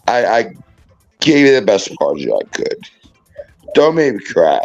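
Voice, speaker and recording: A tipsy, tearful man pleading and apologizing in a halting, repetitive way on a livestream. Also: on the low side, sing-song, no room sound, lo-fi sound, soft background music. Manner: halting, repeats himself, pleading. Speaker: livestream panel guest.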